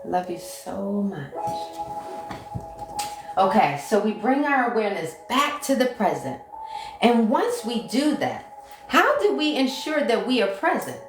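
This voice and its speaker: A woman's voice: on the high side, sing-song, normal speed. A woman giving a casual livestream talk as a mindset coach. She repeats key phrases and stops to answer viewer comments. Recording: roomy sound with music behind. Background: background music.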